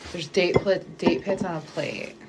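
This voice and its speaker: A woman's voice: lowish voice, measured pace, very noisy. A middle-aged woman vlogging casually from her home kitchen, venting and swearing in frustration. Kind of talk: casual vlog monologue.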